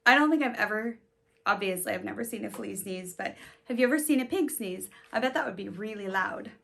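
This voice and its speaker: A woman reading a children's picture book aloud in an animated, sing-song way, stopping to ask her young listeners questions. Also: medium pitch, fairly quick, vocal fry. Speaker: storybook reader.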